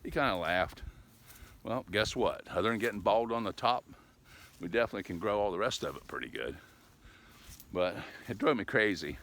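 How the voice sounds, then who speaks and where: A man's voice: low-pitched, fairly bright tone. A middle-aged man chatting casually while out walking his dogs, in a folksy, meandering way, often tagging lines with "eh?". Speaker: vlogger. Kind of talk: casual rambling chat.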